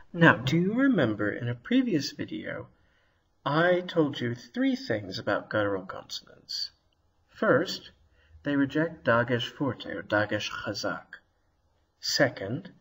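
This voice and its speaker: A man teaching a video lesson on Hebrew vowels, slowly and carefully sounding out each word. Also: mid-range voice, breathy edge. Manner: slow, careful sounding out of words.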